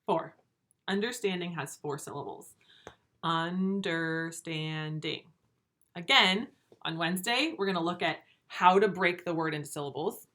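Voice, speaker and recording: Bright-voiced woman teaching a remote lesson. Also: fairly low pitch, lively intonation. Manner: encouraging, slow and clear for children. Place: home room with a whiteboard.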